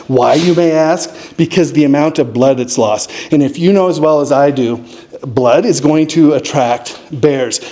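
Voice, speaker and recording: A man from Montana telling a comic story at a live show, acting out what people said in sudden raised voices. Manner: animated, acts out quotes with sudden high-pitched voices. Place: distillery stage before a live audience.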